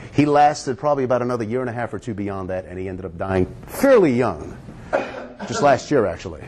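Earnest man preaching to his listeners. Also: mid-range voice. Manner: earnest, conversational, asks the listeners questions. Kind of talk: sermon with a read-aloud story.

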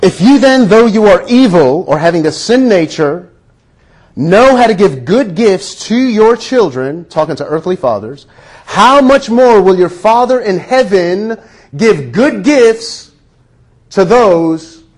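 A man's voice: sits high, sing-song, slow, darkish tone. A man preaching a sermon to a congregation, stretching out key phrases and building to emphatic calls. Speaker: pastor.

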